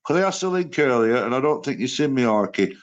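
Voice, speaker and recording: A man's voice: mid-range voice, sing-song, quick pace, highs cut off. A stoned man rambling matily in a livestream chat, swearing along the way. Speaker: panel guest.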